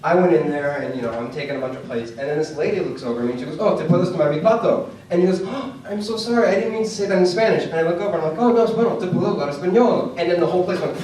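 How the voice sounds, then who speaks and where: On stage at a comedy club, a young adult comic tells stories and performs the dialogue, building up to shouts as the live crowd laughs. He talks rapid-fire in a high-pitched voice with hardly any pauses, recorded by a distant mic in an echoey room with a little hiss or hum.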